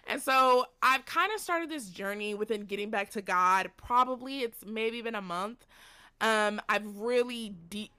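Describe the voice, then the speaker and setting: A woman's voice: a little high, measured pace, sharp tone, smooth, no echo, studio quality. A young woman hosting a faith podcast, talking earnestly and candidly about her life in a rambling, personal monologue from home. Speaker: podcast host. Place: at home during a storm.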